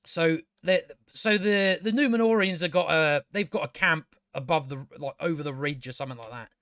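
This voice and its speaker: Sarcastic high-voiced man ranting. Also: normal speed, a bit bright, dry recording, studio quality. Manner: sarcastic, exasperated, profane. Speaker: TV show reviewer. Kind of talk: casual ranting review.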